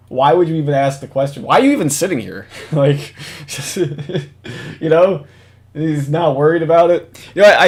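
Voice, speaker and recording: A man giving casual, rambling reaction commentary at his computer, swearing often and breaking into laughs. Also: medium pitch.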